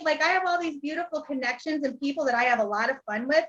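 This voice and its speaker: Over a video call, a woman from Ohio co-hosts a casual chat, sharing her testimony with laughter and playful energy. Her voice is high, fast and fairly bright, though the highs are cut off.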